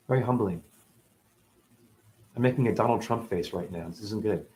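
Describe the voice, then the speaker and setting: A man talking as a spiritual teacher in a rambling, profane casual monologue that swings between loud and muttered. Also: lowish voice, moderate pace, long pauses.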